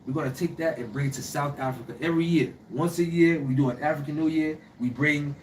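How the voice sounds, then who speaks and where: A Liberian-born man talks fast and with a lot of energy, his voice sitting a little high. He laughs often and speaks in loose, emphatic slang, like a host chatting with someone on the street. He sounds a bit far from the mic, with faint outdoor noise around him. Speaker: show host. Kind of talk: casual street conversation.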